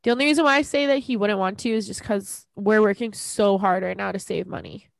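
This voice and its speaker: A woman's voice: mid-range voice, a little fast, vocal fry, dry recording. A young woman co-hosting a casual podcast chat, earnest and sentimental, with lots of "like" and "um". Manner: earnest, sentimental, filler-heavy. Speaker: podcast co-host.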